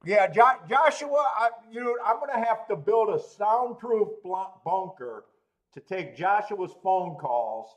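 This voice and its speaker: Animated, stammering man ranting on a livestream. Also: sits high, unhurried. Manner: animated, laughing, stammering rants. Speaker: host of a horse racing betting livestream. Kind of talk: casual livestream chat.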